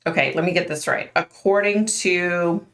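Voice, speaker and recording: A woman's voice: on the low side, normal speed, a bit bright. A middle-aged woman hosting a casual livestream, chatting with viewers by name and talking with a skeptical edge. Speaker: livestream host.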